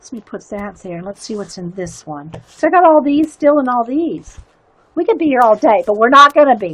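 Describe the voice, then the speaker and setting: A woman's voice: sits high, big pitch swings, moderate pace, a bit bright, no room sound. A woman hosting a casual livestream, chatting and giggling as she stumbles through reading aloud. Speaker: livestream host showing zines.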